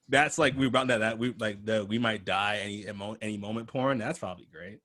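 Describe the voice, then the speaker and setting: A man's voice: on the low side, sharp tone, dry recording. A young man hosting a podcast in loose, profane casual chat, laughing often. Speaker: podcast host.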